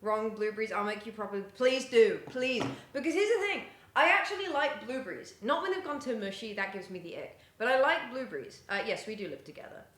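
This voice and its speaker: A bright, sharp-toned young woman with a slightly high voice chats away to her stream chat as she bakes. She talks casually and keeps drifting off from the mic. The kitchen sounds echoey, with a faint hum of room noise behind her. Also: lively intonation, brisk, few pauses. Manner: chatty, talks to chat while moving around the kitchen. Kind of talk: casual live-stream chat while baking. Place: home kitchen. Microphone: streaming setup, often walks away from the mic.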